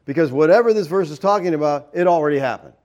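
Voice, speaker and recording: A man's voice: on the high side, lively intonation, fast talker, a little mellow, dull audio. A man preaching a verse-by-verse Bible teaching, explaining Greek words and often checking in with the listeners.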